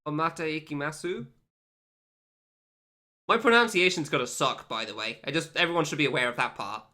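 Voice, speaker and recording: A man's voice: a little high, normal speed, bright, forceful tone, slight background noise. A young man streaming a game, chatting casually with his viewers, joking and laughing often at himself. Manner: laughs a lot, joking, self-mocking. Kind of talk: casual live-stream chat.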